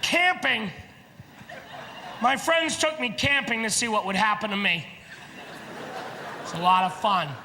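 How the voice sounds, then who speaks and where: A man doing a stand-up comedy routine, animated and shouting his punchlines. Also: high-pitched, unhurried, gravelly, long pauses, background noise. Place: large theater stage before a live audience. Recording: live hall recording with loud crowd laughter. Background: audience laughter.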